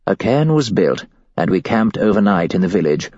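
A man narrating a first-person story in a measured, grave storytelling manner. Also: sits low, sing-song, a little mellow, dry recording. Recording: dull dry lo-fi recording.

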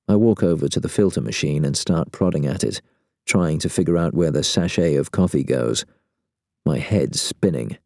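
A man narrating a first-person story in a wry, deadpan way. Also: rumbling low, moderate pace, no room sound, studio quality.

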